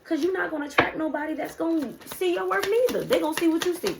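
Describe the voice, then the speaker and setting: A woman's voice: very high voice, animated, fast, gravelly, noisy background. A woman doing a casual spiritual card reading, preaching to her viewers and calling them "y'all" and "baby". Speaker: spiritual reader.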